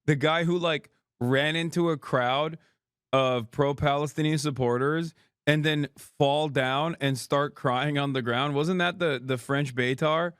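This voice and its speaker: A man's voice: a little high, fairly even intonation, a little slow, a bit bright, clean tone, no echo, clean studio sound. A man in his thirties giving sarcastic, profane commentary as a streamer host, laughing often. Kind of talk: casual commentary.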